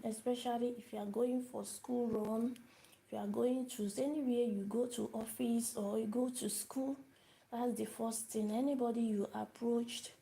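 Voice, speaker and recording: A woman gives a live beginner lesson, speaking slowly and going over each word several times. Her voice sits a little high, with a gravelly, creaky edge and a mellow, dark tone. Recorded on a phone. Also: rough recording. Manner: repeats words and asks the viewers questions. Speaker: language teacher.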